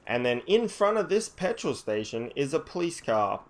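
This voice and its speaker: Man, casual storyteller, animated, crude language, stumbling restarts. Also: on the high side, moderate pace. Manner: animated, swears freely, rambling restarts. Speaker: vlogger telling a story.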